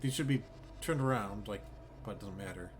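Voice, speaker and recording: This streamer has a lowish voice and talks fairly quickly against slight background noise. Playing a zoo-building game, he thinks out loud in a puzzled, meandering way, swearing freely throughout his casual commentary.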